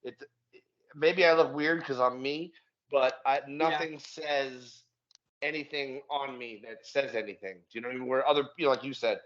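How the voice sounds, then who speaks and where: A man's voice: medium pitch, steady tone, normal speed, a bit bright, dull audio. Profane, candid podcast host man. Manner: candid and profane, swaps travel stories. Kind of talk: casual podcast chat.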